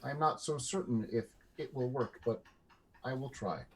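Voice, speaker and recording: A man's voice: medium pitch, moderate pace, slight background noise, close to an everyday voice. A man voicing a weary, downcast male healer cleric who speaks in a solemn, formal, apologetic way.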